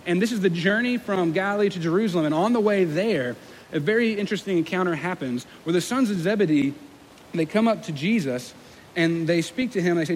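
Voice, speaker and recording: Young guy pastor preaching, high voice, chatty and joking at himself, big echoey hall. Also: animated, brisk. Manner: conversational, self-deprecating, acts out quoted voices. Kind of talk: sermon. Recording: long hall reverb with faint room noise.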